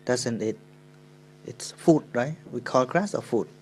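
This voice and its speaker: Slow-spoken Cambodian monk giving a dharma talk. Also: male voice, medium pitch, lively intonation, darkish tone, slight background noise, poor audio. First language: Khmer. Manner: slow, halting English with pauses and self-corrections.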